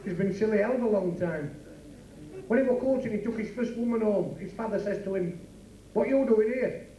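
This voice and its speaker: A man's voice: high-pitched, fairly quick, dark tone, echoey room, recorded from a distance, slight background noise, rough recording. A man with a Yorkshire accent playing the scolding straight man in a club comedy double act, recorded live.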